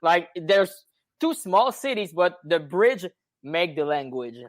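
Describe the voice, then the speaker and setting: A young man from Quebec with a Quebec French accent, chatting casually in English and often pausing to find words. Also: high-pitched, big pitch swings, no echo. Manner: searching for English words, many fillers and restarts. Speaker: guest. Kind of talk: casual chat.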